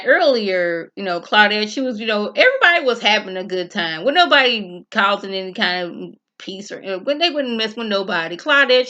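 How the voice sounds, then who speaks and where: A woman's voice: medium pitch, a bit bright, dull audio. A woman reviewing a TV episode in a casual, chatty vlog, talking straight to her viewers and acting out the characters' lines as she retells the scenes.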